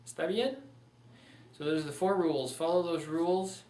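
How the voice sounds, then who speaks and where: Teaching Spanish pronunciation in a recorded online lecture, a man works patiently through examples step by step. His warm voice is a little high, and he speaks at a normal speed. He's far from the mic, and the room is echoey.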